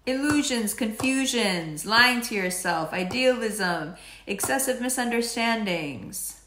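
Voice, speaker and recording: A woman's voice: on the high side, animated, slow, a bit bright, a little hiss or hum. A woman giving a casual horoscope and tarot reading, playful and chatty, wandering off on tangents and swearing now and then. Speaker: astrology and tarot reader. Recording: echoey room.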